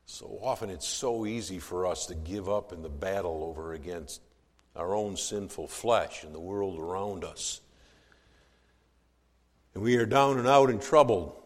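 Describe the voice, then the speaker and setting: A pastor preaching a sermon, moving from hushed, low passages to loud, emphatic declarations. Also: male voice, unhurried, in a large hall.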